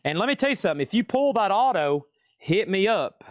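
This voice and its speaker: A man hosting a live-streamed record auction, calling bids and sales in a fast, chatty, upbeat patter. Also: sits high, big pitch swings, no room sound, studio quality.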